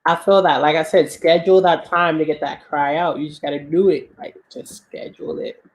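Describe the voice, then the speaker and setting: A young woman with a Southern US accent, telling a personal story in a relaxed podcast chat. Her delivery is chatty and loose, and she laughs often between sentences. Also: low voice, brisk. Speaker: co-host. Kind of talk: casual chat.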